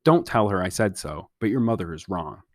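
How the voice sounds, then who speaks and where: A man reading aloud and voicing a dreamy, whimsical teenage girl who speaks softly and slowly. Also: sits low, animated, dry recording, clean studio sound.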